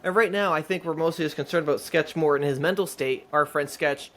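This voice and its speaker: A man co-hosting a sports podcast, talking excitedly as a fan in casual chat. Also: on the high side, a little fast. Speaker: podcast co-host.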